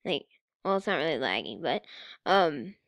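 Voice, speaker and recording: A woman's voice: low-pitched, sing-song, moderate pace, a bit bright, no echo, clean studio sound. A woman doing a teasing, sarcastic reaction commentary on a video as a YouTuber, often laughing.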